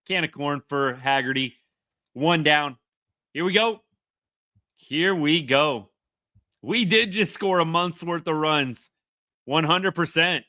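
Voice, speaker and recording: A man's voice: fairly high pitch, sharp tone, dry recording, studio quality. A man hosting a casual live reaction stream, chatty and upbeat as he reads viewer comments. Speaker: livestream host.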